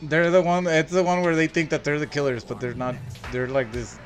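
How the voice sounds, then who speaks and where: A man's voice: a little high, little pitch movement, fairly quick, soft background music. A man co-hosting a casual podcast, telling crude stories with lots of swearing and laughter. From El Paso, Texas. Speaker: podcast co-host. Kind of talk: casual chat, crude storytelling.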